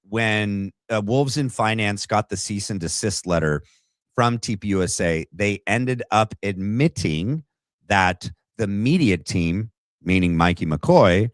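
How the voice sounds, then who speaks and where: Guy with a really low voice doing casual reaction commentary, blunt and mocking, no room echo. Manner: blunt, mocking, calls people names. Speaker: livestream host.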